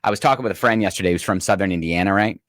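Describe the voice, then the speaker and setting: A man's voice: deep voice, racing, fairly bright tone, dry recording. A man co-hosting a radio talk show, chatting casually, laughing easily and reading out listener messages.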